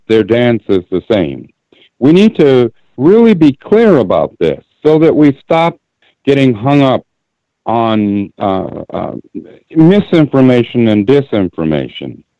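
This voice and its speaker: A man calling in to a radio show, making his point deliberately and emphatically and repeating key phrases. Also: mid-range voice, no room sound. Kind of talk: call-in radio commentary. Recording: dull lo-fi call audio.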